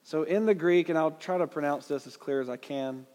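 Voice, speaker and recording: In a large hall, a man with a high-leaning, slightly dark voice speaks a little quickly. He teaches a Bible class in a Southern US accent, keeping it conversational and quizzing his listeners.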